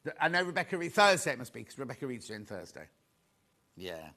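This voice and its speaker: A man hosts a live shopping show, chatty and excitable, rambling to the crew and viewers between sales. His voice is mid-range and he talks fast.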